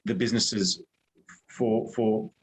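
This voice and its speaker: A man's voice: lowish voice, fairly even intonation, slow, husky, poor audio. An Australian man, a guest on an interview show, chatting casually and thinking aloud with many fillers and restarts. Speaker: HR firm director, guest.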